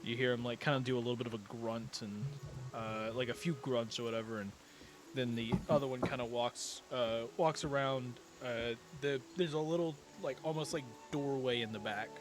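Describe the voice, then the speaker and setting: A man's voice: mid-range voice, fairly even intonation, moderate pace, over music. A man running a tabletop game as game master, narrating in a rambling, casual way. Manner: rambling, many fillers and restarts.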